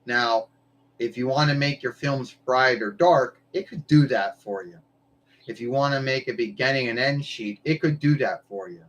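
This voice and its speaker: A man's voice: medium pitch, moderate pace, rough recording. Rambling man hosting a live stream. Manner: meandering, loose, swears casually. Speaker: livestream host.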